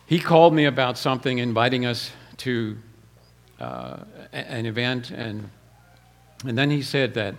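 A man preaching a sermon, telling personal stories in a plain way, often repeating words and clearing his throat. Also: mid-range voice, sing-song, moderate pace.

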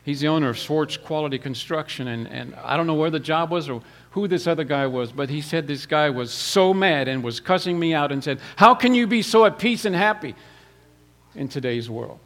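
A man preaching a sermon, telling personal stories in a plain way, often repeating words and clearing his throat. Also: on the high side, fairly quick, hardly any pauses.

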